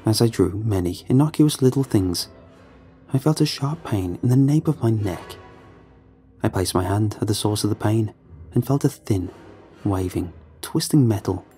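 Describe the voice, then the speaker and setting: A man giving a measured, somber scripted horror narration. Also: lowish voice, animated, dark tone, soft background music.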